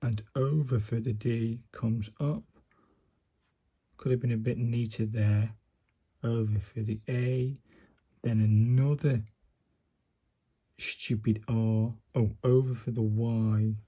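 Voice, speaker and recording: Man, slow and husky, narrating his own penmanship drills in a casual mutter. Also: mid-range voice, fairly even intonation, warm tone. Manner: slow, muttering step-by-step to himself and viewers. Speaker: handwriting practice vlogger. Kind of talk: casual narrated handwriting practice.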